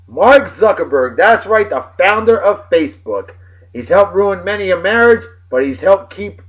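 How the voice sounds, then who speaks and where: New guy doing a rowdy jokey vlog, voice jumps all over, muffled lo-fi sound. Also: sits high. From New England. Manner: boisterous, jokey, animated shout-outs. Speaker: video blog host. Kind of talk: casual shout-out vlog.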